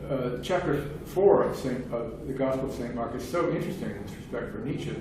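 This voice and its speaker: An older man, a philosophy lecturer, gives a discursive seminar talk in a seminar room, restarting often, using many fillers, and sometimes acting out quoted voices. His medium-pitched voice is lively in intonation and a little fast. The mic is distant in a very echoey room, with faint hiss.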